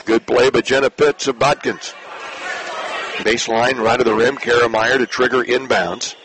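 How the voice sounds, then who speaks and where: A man announcing a high school basketball game play by play, in brisk clipped calls that rise when a shot scores. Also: steady tone. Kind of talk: basketball radio commentary. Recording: noisy online radio broadcast.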